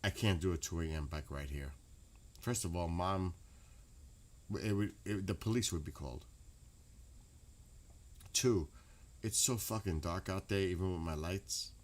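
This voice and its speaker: A man's voice: sits low, unhurried, long pauses. A man, chatting casually and profanely to his late-night stream audience. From New York. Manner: rambling, profane, laughs loudly.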